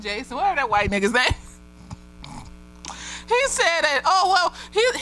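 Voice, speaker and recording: A slightly tipsy woman therapist giving a casual, profane review with lots of giggling and animated storytelling. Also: mid-range voice.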